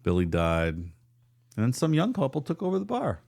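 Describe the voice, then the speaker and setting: A male podcast co-host with a gravelly, creaky voice, talking in a relaxed, wry way. He sits at an average pitch for a man and chats casually with his co-hosts. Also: normal speed.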